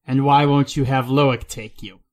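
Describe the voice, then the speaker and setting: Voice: medium pitch, steady tone, normal speed, darkish tone, close to an everyday voice. A player voicing a weary, grudging bar regular in a tabletop game, answering with sighs and dry replies.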